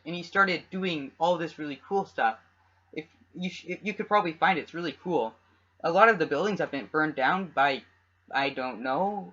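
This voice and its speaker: A man's voice: fairly high pitch, bright, forceful tone. A young man from Canada co-hosting a casual podcast, rambling and restarting his sentences often. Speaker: podcast co-host. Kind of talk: casual chat. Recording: dull lo-fi home recording.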